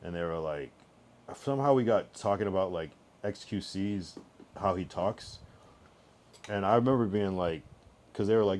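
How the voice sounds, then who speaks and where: A man's voice: deep voice, moderate pace, darkish tone, slight background noise. A man streaming live, chatting casually and rambling through his thoughts with many restarts.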